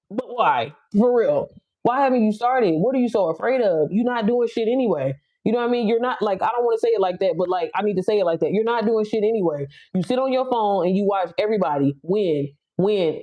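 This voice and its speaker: A young woman rattles through a live stream pep talk at a quick clip, blunt and profane, pushing her viewers to start. Her voice is mellow and a little dark, and the sound is dull and lo-fi, like a phone stream. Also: medium pitch. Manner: blunt, profane, hype-up preaching. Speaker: live stream host, business coach. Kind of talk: casual motivational live chat.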